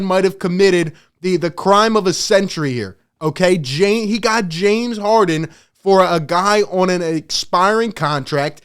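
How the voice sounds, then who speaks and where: A man hosting a sports channel, ranting in emphatic, excitable commentary and laughing often. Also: sits high, clean tone.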